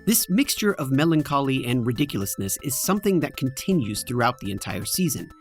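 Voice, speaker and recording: Male video essay host, wry and joking, animated delivery, soft music under him. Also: mid-range voice, brisk. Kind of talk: scripted video essay narration. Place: home basement in front of green screen.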